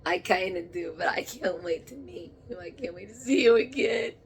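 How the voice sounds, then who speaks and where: A woman speaking in a halting, emotional monologue as she channels spirits, moving between soft murmurs and sudden exclamations. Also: medium pitch, vocal fry, slight background noise.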